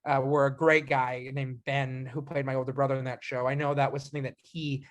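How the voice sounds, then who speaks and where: A young man from Canada, an actor guesting on an interview, speaks a little fast in a mid-range voice. His delivery is animated and casual, packed with restarts and fillers.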